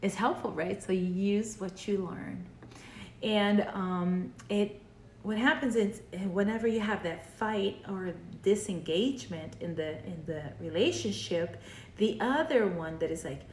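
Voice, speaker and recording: A woman therapist talks through a casual video lesson at home at a mid-range pitch, checking in with listeners by asking "right?" as she goes. Her voice rings in a roomy, echoey space with a faint hum behind it. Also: measured pace. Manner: conversational, often checks in with "right?".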